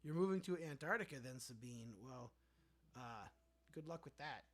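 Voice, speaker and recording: A man's voice: mid-range voice, expressive, moderate pace, fairly bright tone. A man hosting a casual livestream, answering viewer comments in a sarcastic, rambling way. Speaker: livestream host.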